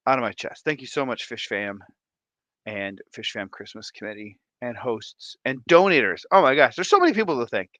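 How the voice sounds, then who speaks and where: A man hosting a casual livestream chat, playful and animated, tired and a bit congested, talking on a close desk mic. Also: medium pitch, normal speed, no echo. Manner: animated, playful, breaks into laughs and silly voices. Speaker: livestream host.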